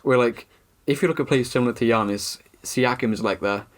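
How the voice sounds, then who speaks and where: A man's voice: mid-range voice, brisk. A man co-hosting a casual podcast, teasing and laughing easily. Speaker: podcast co-host. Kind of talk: casual sports chat.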